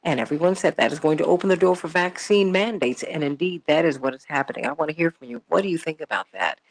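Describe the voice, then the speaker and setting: A woman's voice: low-pitched, expressive, fast talker. A woman hosting a morning talk radio show from a studio, chatty and exclamatory, often repeating her words.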